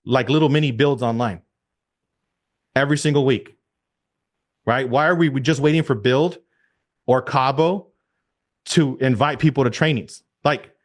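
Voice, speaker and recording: Man, real estate team leader, video call coaching, energetic, repeats himself for emphasis, rhetorical questions, computer mic, mid-pitched voice.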